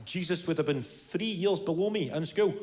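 A man doing a stand-up comedy routine, telling stories with animated bursts and shouted impressions. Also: a little high, moderate pace, noisy background. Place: large live comedy venue. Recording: echoey live venue with audience laughter. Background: crowd laughing.

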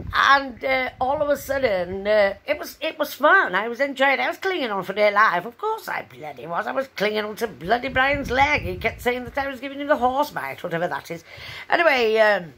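A woman's voice: on the high side, animated, normal speed, sharp tone. A woman telling a rambling story to her viewers in a casual vlog, chatty and swearing freely. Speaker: vlogger.

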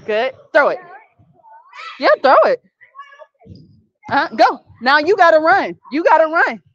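Brisk, high-voiced woman basketball coach. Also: big pitch swings, dry recording. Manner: brisk, directive calls and encouragement; patient, gentle correction of the group. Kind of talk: coaching kids during practice. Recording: dull, dry lo-fi sound.

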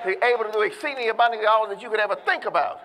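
A man with a high voice preaches a sermon in a church. He speaks emphatically and calls out to his listeners, drawing out the words he wants to land. The sound carries a long hall reverb. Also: sharp tone, some chatter behind. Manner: emphatic, calls out to the congregation, slows down to stress key words.

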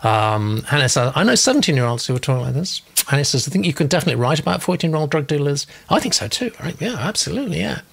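English guy hosting a video call panel, gravelly voice, chatty, reads comments out loud. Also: a little high, very animated, fast talker, few pauses. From England. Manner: warm, chatty, breaks into laughs. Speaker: host of a manuscript feedback show. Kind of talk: casual panel chat, reading out viewer comments.

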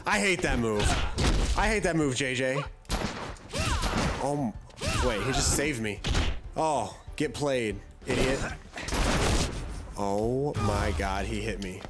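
A man giving live, excitable gameplay commentary, swearing and trash-talking his opponent. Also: mid-range voice, slow pace, pauses often, heavy background noise. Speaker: gamer. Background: loud game music.

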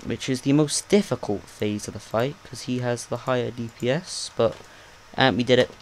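A man talks through his game as he plays, excitable and quick to joke at his own expense. His voice sits at an ordinary middle pitch, with a faint hiss of noise behind him. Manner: excitable, jokey, talks to himself. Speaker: gaming channel host. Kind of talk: live gameplay commentary.

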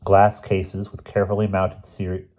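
Reading a short story aloud, this male audiobook narrator keeps a calm, measured delivery. His voice is very deep and husky, and the sound quality is dull and lo-fi.

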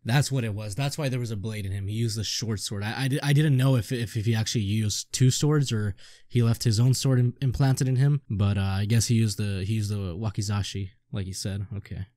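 A man's voice: lowish voice, fairly even intonation, fairly quick, darkish tone, no echo. A young man reading a manga aloud and reacting, swearing often and exclaiming in awe. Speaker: streamer.

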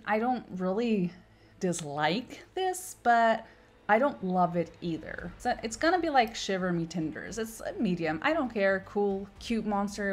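A woman marine biologist hosting a casual vlog, talking in a playful, self-mocking way with small laughs. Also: on the low side. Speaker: marine biologist and video host.

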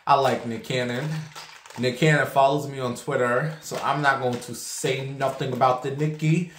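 A man vlogging a casual story in a chatty, animated way, swearing freely and saying "like" a lot. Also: medium pitch, normal speed, noisy background. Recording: roomy echo.

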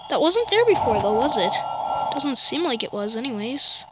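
A woman's voice: high-pitched, big pitch swings, moderate pace, noisy background. A woman giving nervous, chatty commentary while playing a horror game, talking to herself and her viewers. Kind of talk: let's-play commentary. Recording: loud game ambience behind voice. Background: eerie game ambience and noises.

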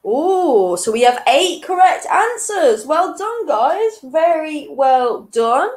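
Slow, chatty young woman hosting a quiz. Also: high-pitched, very animated, a little mellow, poor audio. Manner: chatty, chuckles between questions. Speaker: quiz host. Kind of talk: casual live quiz hosting.

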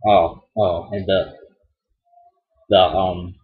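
A man's voice: deep voice, flat delivery, drawn-out words. A young man from Illinois giving rambling, casual commentary as he plays a video game, swearing and groaning at his mistakes. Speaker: let's play host. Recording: dull lo-fi mic.

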